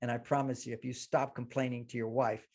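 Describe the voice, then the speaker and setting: Animated older man telling stories. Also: medium pitch, brisk. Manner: animated storyteller, acts out quotes, laughs often. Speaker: guest relationship expert. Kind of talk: radio interview, explaining with stories.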